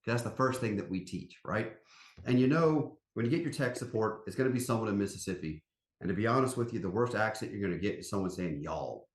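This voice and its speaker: This company CEO talks fast in a lowish voice during a casual podcast interview. Folksy and emphatic, he spins animated stories, with a roomy echo on the recording.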